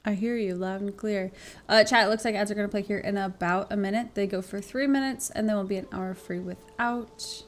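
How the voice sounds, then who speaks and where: A woman's voice: medium pitch, fairly even intonation, fairly quick. A woman streaming a game live, chatty and giggly, talking to her viewers and swearing now and then. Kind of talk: casual chat while gaming on stream.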